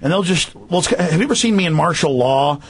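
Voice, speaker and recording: A man's voice: a little high, expressive, fast talker, breathy edge. A man hosting a radio talk show, ranting in a fiery, confrontational way.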